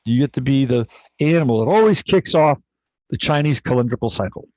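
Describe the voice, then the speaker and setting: A man's voice: medium pitch, animated, fairly quick, a little mellow, no echo, close to an everyday voice. A man doing a commanding Buddha figure. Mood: decreeing. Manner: matter-of-fact, decreeing. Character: calm commanding male Buddha, ancient ruler. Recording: dull lo-fi, dry sound.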